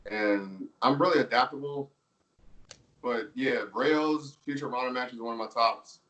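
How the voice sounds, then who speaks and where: Laid-back wrestler telling stories, slightly distant. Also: male voice, mid-range voice, normal speed, fairly bright tone. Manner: laid-back storytelling, laughs often, filler words. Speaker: pro wrestler guest. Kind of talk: casual interview chat.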